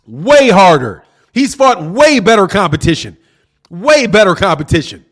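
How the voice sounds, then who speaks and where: High-pitched heated man ranting. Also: big pitch swings, normal speed. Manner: argumentative, profane, repeats points for emphasis. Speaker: boxing channel host. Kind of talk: heated opinion rant.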